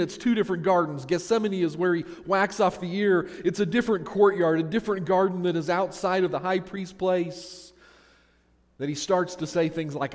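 A pastor preaches a sermon conversationally, posing rhetorical questions to his listeners. His voice is high-pitched, and the sound carries a long reverb tail.

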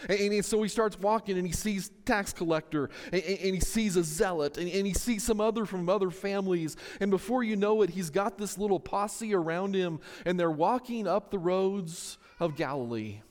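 A man preaching a sermon in an animated storytelling manner, often stringing his sentences together with repeated "and.". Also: high voice, normal speed, hardly any pauses, long reverb tail.

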